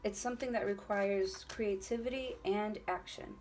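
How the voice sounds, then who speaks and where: A woman's voice: medium pitch, fairly even intonation, normal speed, darkish tone, slight background noise. Chatty woman giving a tarot reading. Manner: rambling, repeats herself, leans on "you know", swears freely; encouraging, earnest, speaks straight to the viewer. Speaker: tarot reader. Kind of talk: casual tarot reading to camera.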